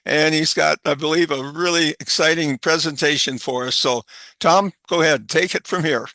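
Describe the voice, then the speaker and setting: A man's voice: fairly high pitch, normal speed, bright, forceful tone, dry recording. A man hosting a webinar, introducing the guest speaker in a loose, rambling way. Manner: loose, rambling, restarts and chuckles.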